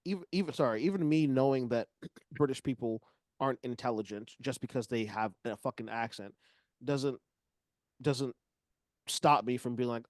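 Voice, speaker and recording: A man's voice: mid-range voice, normal speed, a little mellow, dry recording, studio quality. Laid-back podcast guy, casual swearing. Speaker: podcast co-host.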